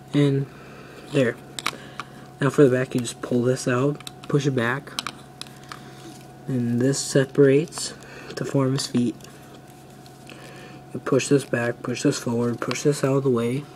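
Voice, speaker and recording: Slow-talking teenage boy reviewing toys. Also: medium pitch, a little mellow, slight background noise. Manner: rambling, unhurried, trailing off. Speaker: toy reviewer. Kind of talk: casual toy review.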